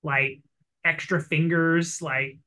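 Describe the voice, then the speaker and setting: A man in casual chat about a comic he read, retelling scenes in a rambling, animated way with lots of fillers. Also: fairly high pitch, slow pace, poor audio.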